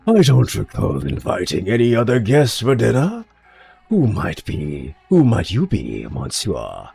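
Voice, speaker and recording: A man's voice: on the low side, huge pitch swings, gravelly, mellow, husky, soft background music, heavily acted. Loup-garou, a man hamming up a fake-French werewolf. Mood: gloating. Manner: theatrical, drawn-out, savoring words. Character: pompous male French werewolf gourmand villain.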